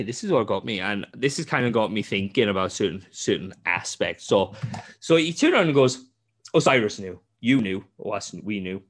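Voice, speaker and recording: A man, a podcast host telling a game's story in casual chat, animated and full of swearing and restarts. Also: lowish voice, moderate pace.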